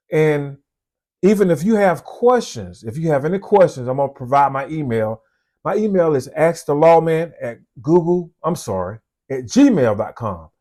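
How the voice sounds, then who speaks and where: Speaking to the camera on the channel he hosts, a police officer with a Southern US accent keeps things casual and folksy. His voice is a little high and a little mellow. He's conversational and repeats what he says.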